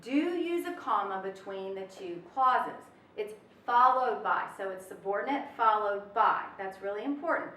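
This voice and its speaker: A woman teaching a webinar grammar lesson in a lively, folksy manner, drawing out her examples for emphasis. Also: medium pitch, moderate pace, hardly any pauses, recorded from a distance, slight background noise. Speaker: test prep instructor. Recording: echoey room, off-mic.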